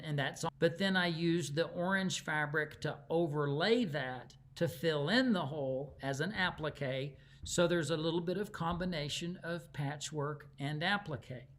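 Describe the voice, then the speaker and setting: High-voiced chatty Texan man teaching. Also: fairly bright tone. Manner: chatty, folksy storyteller with easy laughs. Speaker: quilting teacher. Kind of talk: live online quilting lesson.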